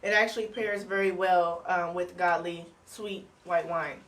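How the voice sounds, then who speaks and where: Measured woman describing food pairings. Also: on the low side, steady tone, fairly bright tone. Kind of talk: casual tasting chat. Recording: distant mic, faint room noise.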